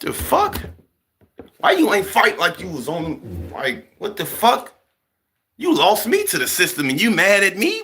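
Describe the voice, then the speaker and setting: Young man, profane heated rant, bright, lively pitch. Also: measured pace. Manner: animated, heated, swearing, acts out other people. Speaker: vlogger. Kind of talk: profane ranting monologue.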